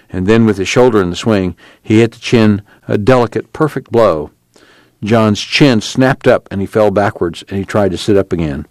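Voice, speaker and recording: A man reading a novel aloud as an audiobook narrator, slow and measured. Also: fairly low pitch, darkish tone, dry recording. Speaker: audiobook reader. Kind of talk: scripted narration with character voices.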